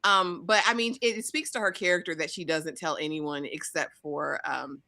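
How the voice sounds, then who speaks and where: Woman co-host, casual live chat; lower pitch, bright tone, reflective and musing. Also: steady tone, moderate pace, dry recording, studio quality. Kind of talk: casual live show discussion.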